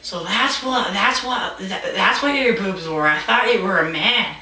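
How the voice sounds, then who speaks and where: Young comic playing a confused male dean, stammering, bright tone, roomy echo. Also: mid-range voice, a little slow. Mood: baffled. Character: baffled school dean, a man. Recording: roomy, distant mic, faint hiss.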